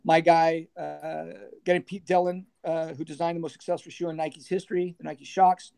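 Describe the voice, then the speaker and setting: A middle-aged man, a former band manager, telling lively anecdotes in a casual interview and laughing as he goes. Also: fairly high pitch, moderate pace, creaky, smooth. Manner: animated anecdotes, laughing, acting out others' voices.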